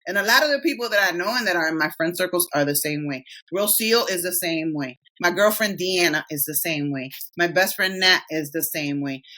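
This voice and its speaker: A woman's voice: medium pitch, sharp tone. A woman in her thirties co-hosting a podcast, chatting candidly and swearing freely as she tells stories and acts out friends' lines. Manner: candid, profane, storytelling with quoted voices. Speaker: podcast co-host. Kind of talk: casual chat.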